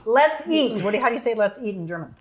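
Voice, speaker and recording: A woman's voice: a little high, sing-song, quick pace, crowd noise. A woman hosting a casual cooking segment, upbeat and chatty, laughing often as she talks to her guest and viewers. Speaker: TV show host.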